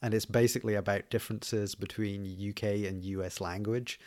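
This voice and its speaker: A man's voice: on the low side, steady tone, moderate pace, darkish tone. A man speaking as a podcast guest, hesitant and full of fillers and restarts. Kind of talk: conversational interview.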